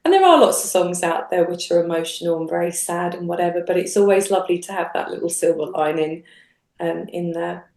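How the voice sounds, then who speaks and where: A singer-songwriter woman chatting as an interview guest, animated, acting out quoted thoughts with big jumps in voice and often restarting her sentences. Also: lowish voice, brisk. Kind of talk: casual interview chat. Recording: roomy echo.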